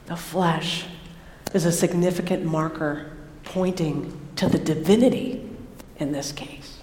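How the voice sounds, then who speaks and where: A woman preacher giving an animated sermon, moving between hushed and excited. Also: deep voice, unhurried, slight background noise. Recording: echoey hall reverb.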